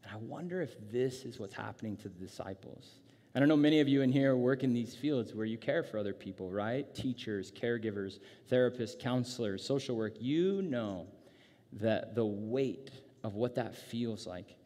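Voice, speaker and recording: A man's voice: mid-range voice, normal speed. A man preaching a sermon in a casual, conversational way, acting out characters with playful sarcasm. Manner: casual, animated, acts out disciples with sarcasm. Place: church gathering space. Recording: reverberant hall sound.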